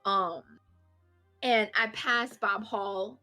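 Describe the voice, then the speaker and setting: A young adult woman co-hosting a podcast, casually telling an animated anecdote and swearing offhandedly. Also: medium pitch, drawn-out words, soft background music. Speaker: podcast co-host. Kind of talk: casual chat.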